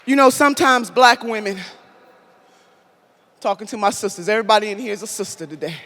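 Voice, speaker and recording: A woman delivers a fiery political rally speech in a preacher's rolling cadence, repeating lines as she builds to shouts. Her voice is forceful and bright. It rings with a long reverb through a big hall, with a faint crowd behind her. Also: mid-range voice, lively intonation, fairly quick. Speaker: rally speaker. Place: large hall with an audience.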